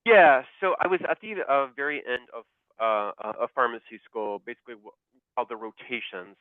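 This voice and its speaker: A man talking over a tinny, phone-like line, the sound dry and close with no room around it. He tells his story haltingly, piling up fillers and restarts, with a laugh breaking in at the funny bits. He is a pharmacist guest on a casual interview. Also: medium pitch, animated, no echo.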